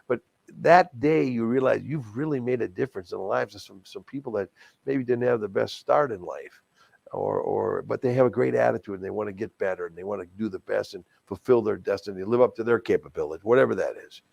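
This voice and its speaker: A middle-aged man from Wisconsin tells stories in a relaxed interview, with a gravelly edge to his voice. He talks animatedly and pokes fun at himself, tripping over and repeating words as he goes. The sound is close and dry. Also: fairly low pitch, a little fast, no echo. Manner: animated, self-deprecating, many restarts and stammered repeats. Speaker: guest, charity auctioneer and stadium announcer. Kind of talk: casual interview storytelling.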